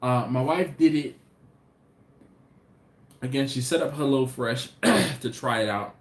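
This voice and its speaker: A man's voice: mid-range voice, slow pace. An American man hosting a live stream, talking loosely with fillers and restarts. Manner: loose, rambling talk with fillers. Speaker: host. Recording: roomy echo.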